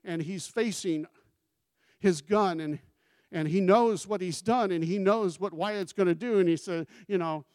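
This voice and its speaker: A man's voice: sits high, measured pace, darkish tone, no room sound, studio quality. A male pastor preaching a sermon in a conversational way, asking the congregation questions and giving scripture quotes with emphasis.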